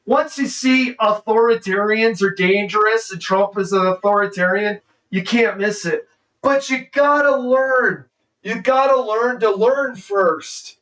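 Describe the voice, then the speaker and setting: A man's voice: sits high, measured pace, a bit bright, distant mic, poor audio. A male streamer ranting in a sarcastic, exasperated, mocking way. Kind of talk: ranting commentary.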